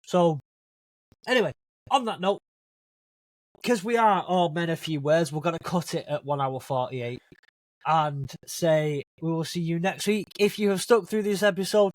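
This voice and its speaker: A man's voice: a little high, measured pace, pauses often. A British man hosting a podcast, teasing his co-host in casual chat and signing off the show. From Britain. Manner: teasing, wraps up with show sign-off.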